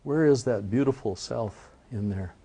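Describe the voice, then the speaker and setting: A man voicing Iktomi, a vain male trickster spider who is easily upset, with a high, exclaiming whine. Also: measured pace, mellow, slightly rough. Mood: dismayed. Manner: exclaiming, whiny.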